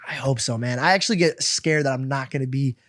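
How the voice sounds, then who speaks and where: A man telling a story in casual podcast chat, animated and laughing, peppered with slang. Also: medium pitch, quick pace, no room sound, studio quality. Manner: animated, laughs often, uses slang like "bro". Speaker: podcast co-host.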